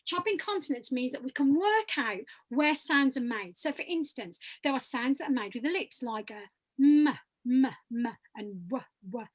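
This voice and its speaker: A woman's voice: high voice, expressive, normal speed, hardly any pauses, slightly rough. A woman leading an online voice workshop, encouraging and demonstrating sounds and exercises for the group. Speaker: voice workshop leader.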